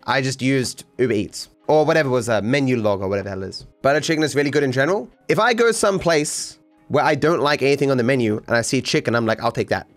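An Australian man with a mild accent, talking casually to his stream chat while sick, rambling and letting his phrases trail off low. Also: lively intonation, fast, faint music behind. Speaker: streamer podcast host.

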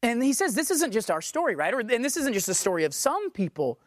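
A woman's voice: on the high side, sing-song, fairly quick, no room sound. Woman preacher, emphatic sermon delivery with rhetorical questions, dry close sound.

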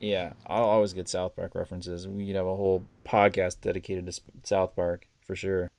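A man's voice: deep voice, flat delivery, brisk, vocal fry, darkish tone. A man hosting a casual podcast chat, telling stories animatedly, acting out quotes, laughing often and swearing. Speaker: podcast host.

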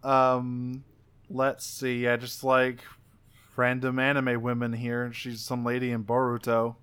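A man with a bright, crisp voice, chatting casually as a podcast co-host. He reads through cast credits and drops dry little asides. His tone stays clear and even throughout. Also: medium pitch, slow pace. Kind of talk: casual chat about game voice actors.

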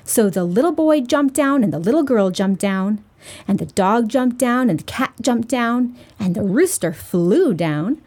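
Storytime host: woman, high lively read-aloud voice for little kids. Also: a little slow. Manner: bright, sing-song storyteller voice for small children. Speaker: storytime host reading to children.

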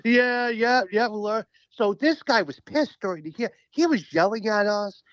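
A man speaking as a union representative, telling stories in an animated, emphatic, profane way during a casual interview. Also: high-pitched, moderate pace, dry recording, highs cut off.

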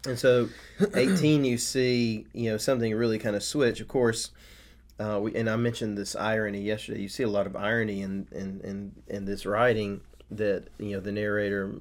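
A man's voice: lowish voice, level tone, moderate pace. A man co-hosting a casual Bible study talk, rambling with many fillers and restarts. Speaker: podcast co-host.

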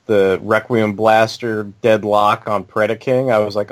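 A man co-hosting a fan podcast, talking casually with halting restarts and swearing. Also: on the low side, flat delivery. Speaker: podcast co-host. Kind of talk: casual chat.

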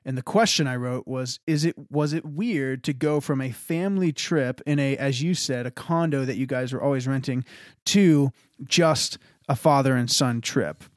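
A young adult man, a pastor, chatting casually on a podcast in an animated, rambling way and laughing often. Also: medium pitch, normal speed, dry recording, clean studio sound.

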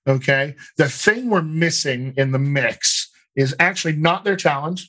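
A man with a General American accent and slight Colorado features, a dialect coach explaining his method in a calm, methodical interview. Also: on the high side, a little slow, poor audio. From United States. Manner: explanatory, methodical, talks in lists. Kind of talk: conversational interview.

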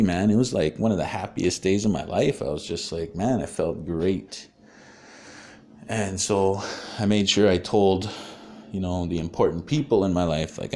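A man's voice: sits low, a little mellow, a little hiss or hum. A man telling a personal story casually, with many fillers and frequent swearing.

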